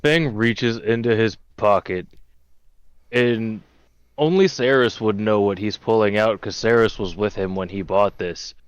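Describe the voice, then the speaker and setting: Slow, halting man with a dry voice. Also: fairly low pitch, clean tone, dry recording, lo-fi sound. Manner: hesitant, halting. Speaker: player. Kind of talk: describing his character's actions.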